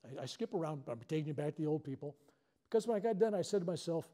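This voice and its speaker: A man's voice: on the high side, fast talker. An older man, a reverend leading a healing workshop, telling stories to a live audience and acting out the voices in them. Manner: animated storyteller acting out quoted voices. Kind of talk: storytelling talk to a live audience. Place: workshop hall.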